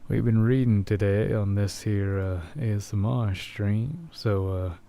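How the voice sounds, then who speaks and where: A man putting on an easygoing old cowboy voice with a slow, folksy drawl. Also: lowish voice, warm tone.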